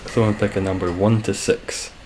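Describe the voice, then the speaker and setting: A man chatting casually and dryly while live-streaming a game, describing his own voice as monotone. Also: low voice, normal speed, slight background noise. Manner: dry, self-deprecating, calls his voice monotone.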